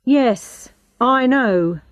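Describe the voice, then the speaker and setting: Probing male inspector, read by a woman, pitched high, slow and lively, pointed questions in a dry close sound. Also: no room sound, full character voice. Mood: calm.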